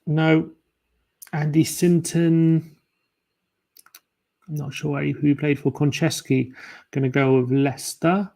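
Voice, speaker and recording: A man's voice: a little high, little pitch movement, takes it slowly, creaky, pauses often, dark tone. A man hosting a fan livestream, chatting casually and muttering his guesses to himself as he plays a quiz. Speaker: fan channel host. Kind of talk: casual livestream chat while playing a quiz.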